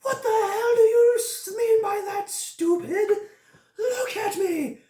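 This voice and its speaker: A man's voice: extremely high pitch, slow pace, warm tone, far from the mic, voice pushed up. A man voicing a dying bandit who has lost his legs, shrieking, wailing and coughing in pain. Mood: outraged. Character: legless dying male bandit, screaming in agony. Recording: echoey room with faint noise.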